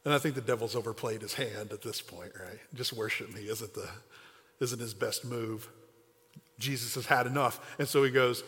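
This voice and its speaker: A man's voice: mid-range voice, moderate pace, fairly bright tone. A man preaching a sermon, telling stories in a conversational way and acting out the quoted lines. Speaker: pastor. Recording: long hall reverb.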